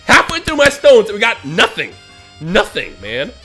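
Man, gaming vlog commentary, high and very lively voice, bright and tense, exasperated outbursts, faint game music behind. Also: moderate pace. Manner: exasperated, swings between grumbling and shouted outbursts. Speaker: mobile game YouTuber.

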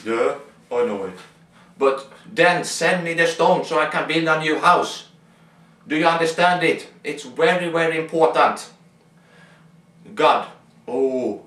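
Slow-talking young man, roomy and distant. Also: fairly high pitch, fairly bright tone. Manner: rambling, exclaiming to himself, halting non-native English. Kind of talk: improvised comic monologue. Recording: roomy, from far off the mic.

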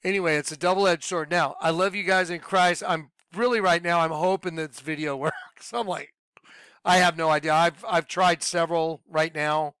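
A man giving an informal, rambling video sermon to his followers, excitable and laughing at his own points. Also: fairly high pitch, normal speed, clear, resonant tone, no echo. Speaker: online preacher.

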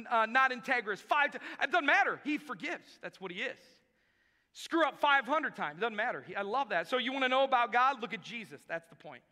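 A man preaches a sermon, his voice pitched very high and ringing bright with a forceful edge. He drives his points home by repeating short phrases. A long hall reverb trails every line. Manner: emphatic, repeats key phrases for effect. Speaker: pastor.

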